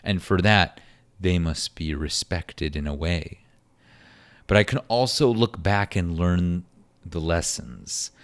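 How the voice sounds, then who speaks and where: A man's voice: sits low, takes it slowly. A young man hosting a podcast, talking alone in an earnest, philosophical way with frequent restarts. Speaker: podcast host. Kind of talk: reflective solo podcast monologue.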